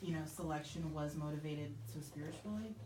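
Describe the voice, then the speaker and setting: A woman's voice: low voice, brisk. Inquisitive woman interviewer in a roomy space. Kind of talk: interview question. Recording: roomy, hissy distant sound.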